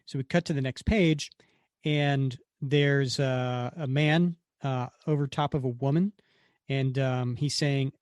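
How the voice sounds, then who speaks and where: A man co-hosting a podcast, walking through a comic page by page in a casual, chatty way. His voice sits at a middle pitch and sounds close and dry. He slips into short bits of acting when he quotes the characters. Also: steady tone, slow pace, a little mellow, no room sound. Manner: retells panels acting out the characters' lines. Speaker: podcast co-host. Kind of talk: casual comic book recap.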